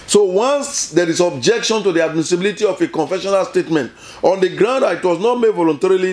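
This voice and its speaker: Middle-aged man; lawyer giving an informal lesson, repeats himself for emphasis, corrects himself mid-sentence. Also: sits high. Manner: repetitive, emphatic, self-correcting. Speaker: lawyer explaining court procedure.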